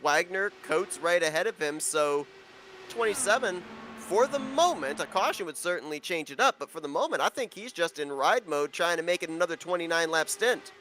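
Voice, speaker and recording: Bright-voiced male race commentator. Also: a little high, lively intonation, normal speed, a little hiss or hum. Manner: conversational, with frequent fillers. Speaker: play-by-play commentator. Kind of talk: live racing commentary.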